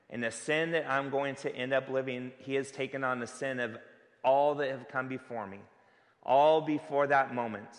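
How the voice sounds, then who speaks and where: A man preaching a sermon as pastor, earnest and conversational, with rhetorical questions to the congregation. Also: medium pitch. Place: church sanctuary. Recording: long hall reverb.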